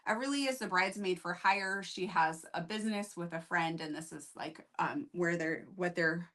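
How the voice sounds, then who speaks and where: A woman's voice: fairly low pitch, normal speed, a bit bright. A woman hosting a book review show, chatting casually and candidly, with rambling asides. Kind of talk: casual chat.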